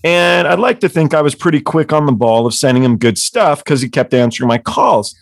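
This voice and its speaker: A man's voice: on the high side, animated, a little fast, creaky, dry recording, clean studio sound. A man telling rambling, profane stories as the author guest on a casual book club chat. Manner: rambling, profane, laughing storyteller.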